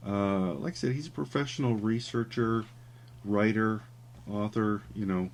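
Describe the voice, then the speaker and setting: Man, low voice, casual rambling talk, working on a drawing. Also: a little slow. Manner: rambling, warm storytelling with many fillers. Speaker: caricature artist streaming his drawing. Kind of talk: casual chat while drawing.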